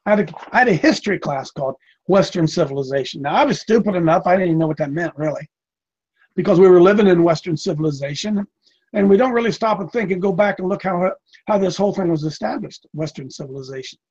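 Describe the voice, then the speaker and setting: A man's voice: high voice, quick pace, a little mellow, slightly rough, highs cut off. Folksy older man preaching a sermon. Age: 60s. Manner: folksy, repetitive, emphatic.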